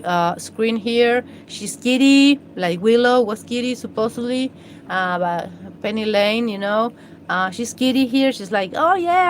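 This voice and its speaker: A woman's voice: mid-range voice, a little hiss or hum, low-quality recording. A woman hosting a live stream, chatting in a rambling, hesitant way with many fillers and restarts. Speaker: livestream host.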